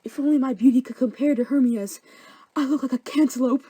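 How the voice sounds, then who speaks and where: A woman's voice: sits high, brisk, warm tone, breathy edge, dry recording, voice pushed up. A woman voicing Helena, a clingy, lovesick young woman who pleads in a whiny, raised voice. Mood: pleading.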